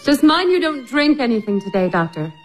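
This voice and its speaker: A woman's voice: on the high side, very animated, a little fast, faint music behind. An actress playing a bored, irritable young married woman who talks curtly, in a radio drama. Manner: curt and exasperated.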